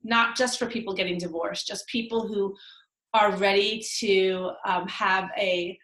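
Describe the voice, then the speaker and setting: Bright, nasal woman in an echoey room. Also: medium pitch, fairly even intonation, measured pace. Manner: chatty, upbeat, laughs often, many fillers. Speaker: guest, divorce lawyer and coach. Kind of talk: casual interview answers.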